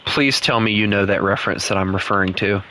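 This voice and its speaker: A man with a Southern US drawl chats through a game stream, his voice bright and forward. He jokes around and teases the people playing with him, laughing often. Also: on the low side, fast, slight background noise. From Southern United States. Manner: playful, teasing, laughs often. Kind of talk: casual gameplay chat with co-players.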